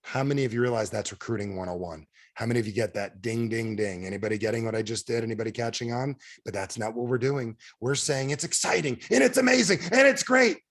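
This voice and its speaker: A man giving an energetic motivational talk to a sales team on a video call, firing rhetorical questions at his listeners. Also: lowish voice, fast talker, hardly any pauses. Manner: energetic, rhetorical questions to the audience, emphatic swings in loudness. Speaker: direct sales trainer.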